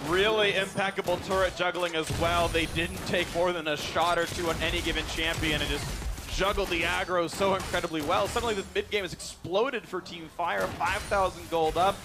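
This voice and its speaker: Excitable male esports caster, high voice. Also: brisk. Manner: excitable, shouts during big plays. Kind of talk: play-by-play commentary. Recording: music playing behind.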